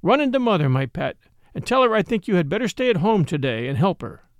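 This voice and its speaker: A man's voice: high-pitched, sing-song, quick pace, no echo, clean studio sound. A man reading a grave, principled cab driver. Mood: earnest. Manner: earnest, firm, lecturing.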